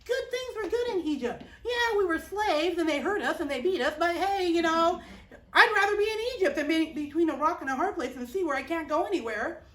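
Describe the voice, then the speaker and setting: A woman voicing a frightened crowd of fleeing people who shout and wail their complaints. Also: very high voice, sing-song, normal speed, pitched above the performer's own voice. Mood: panicked. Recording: roomy, distant mic.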